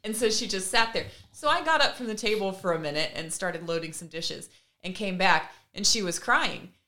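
Bright-voiced woman telling a lively story. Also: mid-range voice, moderate pace. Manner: animated, acts out remembered conversations with laughs. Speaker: podcast co-host and mother. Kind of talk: casual storytelling chat.

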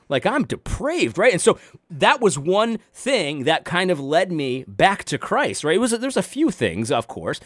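A man's voice: a little high, no echo, studio quality. A middle-aged man hosting a Christian commentary channel, talking with passion and sarcasm, often restarting his words. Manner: animated, restless, repeats and restarts words, sarcastic. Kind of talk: impassioned religious commentary.

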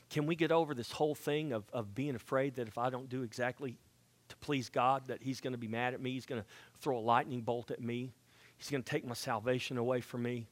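A man preaching a sermon as pastor, swinging from hushed passages to loud exhortations, with folksy joking asides. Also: medium pitch, dry recording.

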